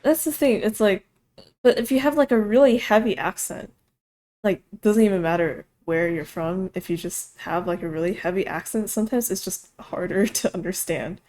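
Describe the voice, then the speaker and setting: A woman's voice: medium pitch, moderate pace, darkish tone. A young woman in casual chat who hedges, laughs often and pushes back.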